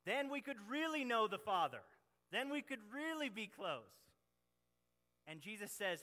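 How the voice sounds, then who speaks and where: A man's voice: high-pitched, very animated, measured pace. Passionate young man preaching in a hall. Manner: passionate preaching, swinging between loud emphasis and hushed asides. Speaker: pastor. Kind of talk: sermon. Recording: long hall reverb.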